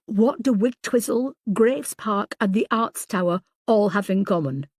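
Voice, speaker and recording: A woman reading the lines of a tense, hurried male detective in an audiobook. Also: medium pitch, darkish tone, dry recording, studio quality, lightly acted. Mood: urgent. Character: urgent male detective sergeant.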